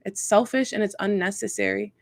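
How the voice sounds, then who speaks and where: Gravelly earnest woman talking spirituality. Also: mid-range voice, fairly even intonation, brisk. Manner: rambling, earnest, many fillers and restarts. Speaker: spiritual content creator. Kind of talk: casual spiritual talk.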